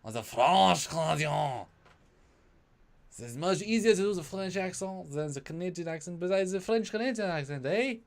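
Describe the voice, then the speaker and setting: A man's voice: animated, moderate pace, creaky. A man putting on a silly, over-the-top French Canadian voice as a joke. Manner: playful, over-the-top, higher pitched.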